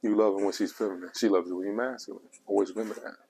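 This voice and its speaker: A man with a low, gravelly voice lectures the camera in a casual advice vlog. He is preachy and repeats himself, and his blunt talk is full of coarse words. His tone is husky, with faint music underneath. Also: fairly even intonation, very fast, mellow. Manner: preachy and repetitive, coarse language. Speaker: relationship advice vlogger.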